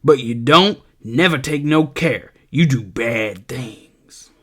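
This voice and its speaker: A man voicing a small, fat old woman who appears in a hallucination and nags and scolds in a shrill voice. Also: takes it slowly. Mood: scolding.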